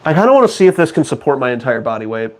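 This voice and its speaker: A man's voice: medium pitch, very animated, racing, darkish tone, slight background noise. A man streaming from his home studio, bantering with chat in a sarcastic, mock-outraged and self-mocking way. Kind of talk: casual live-stream chat.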